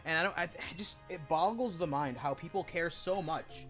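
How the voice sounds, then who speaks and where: A man with a high-pitched voice rants during a gaming stream. He talks casually, packs his speech with fillers, and swears as he gets heated. Faint music plays behind him. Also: normal speed, a bit bright. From United States. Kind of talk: casual rant while gaming.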